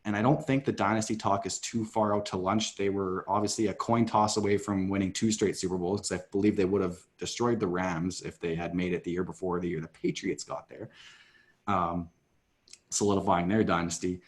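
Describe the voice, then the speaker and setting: A man with a fairly low voice hosts a casual sports podcast. He steers the chat with long, winding questions to his co-hosts. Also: fairly even intonation, brisk. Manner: leads the talk, poses long questions to co-hosts. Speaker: podcast host.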